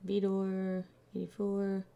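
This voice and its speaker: A woman streamer casually commenting on a game, muttering to herself as she checks documents, playful and unhurried. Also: medium pitch, completely flat delivery, creaky, warm tone. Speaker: gameplay streamer. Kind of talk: casual let's-play commentary.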